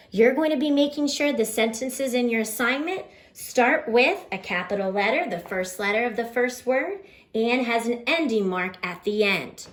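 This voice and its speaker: A woman teacher giving a children's lesson, cheerful and encouraging, with slow sing-song rhymes to help children remember. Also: a little high, echoey room.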